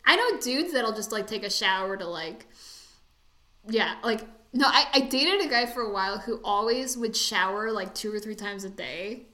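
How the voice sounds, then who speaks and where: A woman chatting casually about a movie, talking fast and acting out the people she quotes in put-on voices. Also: mid-range voice, expressive, bright, forceful tone, roomy sound.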